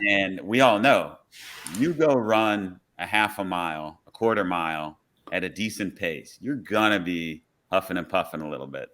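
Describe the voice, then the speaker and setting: A man who is a police officer, telling a work story on a podcast in a relaxed, conversational way. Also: low-pitched, normal speed.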